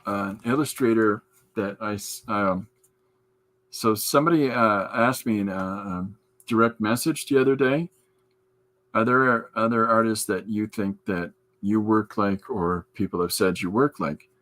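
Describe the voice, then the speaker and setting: A man's voice: lowish voice, measured pace, fairly bright tone. Give me a chatty man talking casually to his live-stream viewers while he works in his art studio. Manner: chatty, answers viewers' comments aloud. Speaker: podcast host and comic artist.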